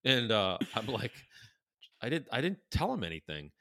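A man's voice: mid-range voice, big pitch swings, moderate pace, vocal fry, sharp tone. A man telling a story in casual chat, rambling and profane, with many fillers and restarts.

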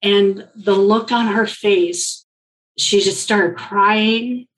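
A woman's voice: mid-range voice, steady tone, very slow, poor audio. A woman guest telling her personal story in an interview, reflective and full of filler likes.

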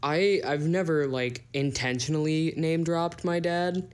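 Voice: mid-range voice, steady tone, unhurried, smooth. A podcast co-host in their twenties, telling stories in casual chat, full of fillers and swearing. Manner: storytelling, lots of fillers and swearing.

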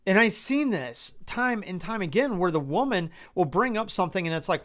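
Male podcast host with a somewhat high voice, blunt and incredulous, heavy swearing, frequent restarts. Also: very animated, normal speed, hardly any pauses, fairly bright tone. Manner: exasperated, swears a lot, stammering restarts; incredulous rhetorical questions. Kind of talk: personal commentary podcast.

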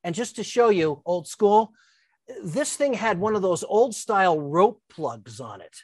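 An older woman, a guest, telling a casual anecdote with lively restarts, stammers and acted-out quotes. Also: mid-range voice, measured pace, dry recording.

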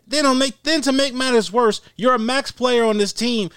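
Passionate Philly man ranting, smooth voice. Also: extremely high pitch, moderate pace, a bit bright, no echo, clean studio sound. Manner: impassioned, repetitive, rising to exasperated emphasis. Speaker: podcast co-host. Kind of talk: sports podcast rant.

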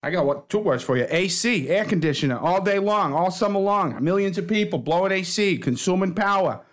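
A brash man sparring in a comedy debate, combative and cocky, calling everyone sweetheart. His voice sits a little high for a man. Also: animated, brisk. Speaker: debater for Boston.

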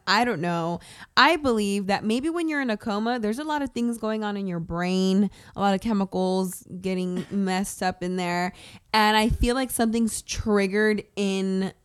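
A woman co-hosting a morning radio show, teasing and reflective in casual banter. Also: medium pitch. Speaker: radio co-host.

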